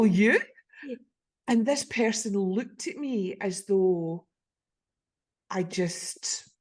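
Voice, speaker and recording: Brief: older Scottish woman, podcast host, husky voice, warm effusive storyteller. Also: medium pitch. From Scotland. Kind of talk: casual storytelling chat.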